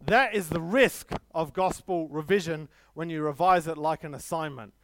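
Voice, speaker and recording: A man's voice: on the high side, normal speed, no echo. A man preaching a sermon, emphatic, with stories and light self-deprecating humor.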